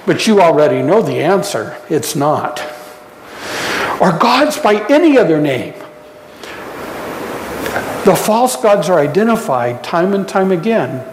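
A pastor preaching a sermon in a church, unhurried, putting questions to the congregation and adding light humor. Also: mid-range voice, sing-song, slight background noise. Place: church sanctuary. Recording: echoey church hall reverb.

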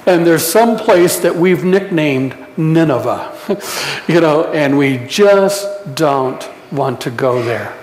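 Slow, high-voiced preacher in an echoey hall. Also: male voice, expressive, darkish tone, slight background noise. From United States. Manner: slow, reflective preaching with pauses. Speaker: pastor. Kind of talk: sermon. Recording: roomy echo with long reverb.

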